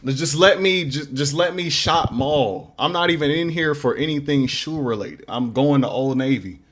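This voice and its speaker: A man's voice: a little high, moderate pace, fairly bright tone. A young man who makes beats, chatting casually in a livestream Q&A, slangy and rambling. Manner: laid-back, slangy, rambling. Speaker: beatmaker streamer. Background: faint beat playing.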